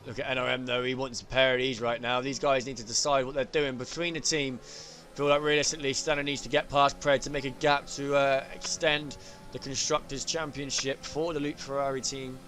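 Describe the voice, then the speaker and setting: A man commentating on an online sim race, getting excited at crashes and overtakes. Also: medium pitch, brisk, soft background music. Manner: excitable, rising sharply at incidents.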